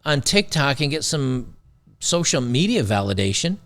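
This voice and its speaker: A man's voice: mid-range voice, very animated, moderate pace, a bit bright. A man hosting a talk show, giving blunt, sarcastic, rambling commentary on a video clip. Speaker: show host.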